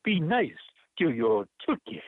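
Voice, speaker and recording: Man doing a Jamaican accent, poetry recital, slow and lilting, tinny phone line. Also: fairly high pitch, wildly swooping pitch, no echo, exaggerated voice. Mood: playful. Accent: put-on Jamaican. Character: male poem reader in a put-on Jamaican accent. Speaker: caller. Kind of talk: poetry reading.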